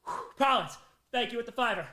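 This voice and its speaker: A man's voice: very high voice, animated, quick pace, bright, forceful tone, reverberant. A worn-out man streaming for a whole day, thanking donors one by one and swinging between hype and tired mumbling. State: exhausted after a day awake. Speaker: streamer reading out donations. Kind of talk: live charity stream chat.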